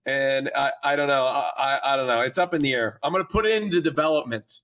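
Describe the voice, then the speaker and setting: A man's voice: medium pitch, fast talker, fairly bright tone. A man chatting on a podcast, rambling and hesitant with many restarts. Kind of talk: casual podcast chat.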